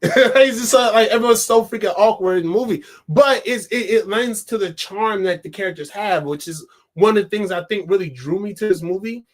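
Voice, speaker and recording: A man giving a casual, rambling movie review full of fillers and frequent laughter. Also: sits high. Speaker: film reviewer.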